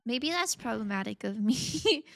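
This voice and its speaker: A woman's voice: a little high, expressive, measured pace, gravelly, a bit bright, slight background noise. A woman streamer chatting casually and playfully while gaming, rambling, giggling and reading out chat messages.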